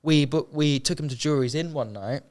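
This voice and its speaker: A man's voice: fairly high pitch, normal speed, a little mellow. A young man, telling his story in an interview in an earnest, heartfelt, colloquial way, often repeating phrases for emphasis. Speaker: homeless charity founder. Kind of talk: emotional podcast interview.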